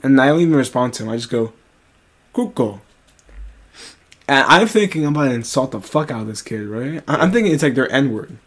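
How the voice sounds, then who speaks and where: A young man co-hosts a casual podcast chat and tells a long story with animated, profane energy. His voice sits at an ordinary middle pitch. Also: fast, hardly any pauses. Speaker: podcast co-host.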